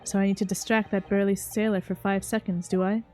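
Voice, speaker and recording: A woman's voice: medium pitch, little pitch movement, a little fast, darkish tone, faint music behind, voice pushed down, lightly acted. A woman voicing an earnest young man who speaks with dry, polite sarcasm. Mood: wry.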